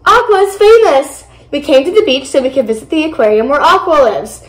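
A young reader voicing an eager, lively mother in a children's story. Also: high voice, fairly quick, reverberant. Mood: excited. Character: cheerful storybook mom.

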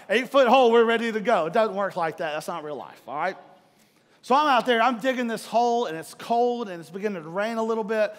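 Middle-aged male pastor, high voice, animated sermon storyteller, live church hall reverb. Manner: animated storytelling, acts out own frustration.

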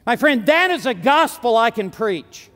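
A man preaching a sermon at a large conference, emphatic and building to forceful declarations. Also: extremely high pitch, sing-song, measured pace, long reverb tail.

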